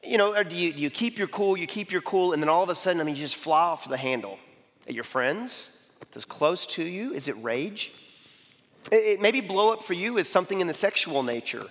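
A man giving a sermon-style talk with personal stories, animated, often asking "okay?" and restarting his sentences. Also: high voice, fairly quick, in a large hall. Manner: animated, repeats "okay?" and "I mean", frequent restarts.

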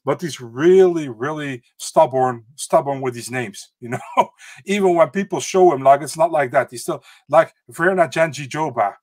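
A man's voice: fairly high pitch, normal speed, a little mellow, dry recording. A man co-hosting a sports podcast, chatting casually and loosely with plenty of fillers. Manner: hesitant, many fillers and restarts, laughs easily. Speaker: podcast co-host. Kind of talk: casual chat.

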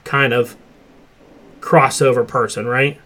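A man's voice: mid-range voice, steady tone, slow pace, crowd noise. A man hosting a casual pop culture chat show, talking loosely and swearing freely. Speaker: podcast host.

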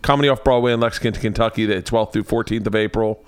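Guy with a low voice hosting his podcast, rambly and loose, swears a bit, dry close sound. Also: steady tone, quick pace, clean tone, no room sound. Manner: rambling, restarts sentences, swears casually. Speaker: podcast host. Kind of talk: casual chat.

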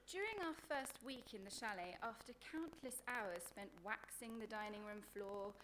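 A woman reading her own comic prose aloud at a live book event, in a sardonic, deadpan voice full of crude insults. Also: fairly high pitch, unhurried, hardly any pauses, a little hiss or hum. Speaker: author reading her work.

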